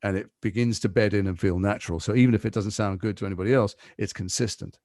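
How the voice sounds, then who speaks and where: Fast-talking gravelly English man. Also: fairly low pitch, no echo, studio quality. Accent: English, Liverpool and London mix. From England. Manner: fast, animated storytelling with asides. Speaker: guest actor. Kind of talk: podcast interview.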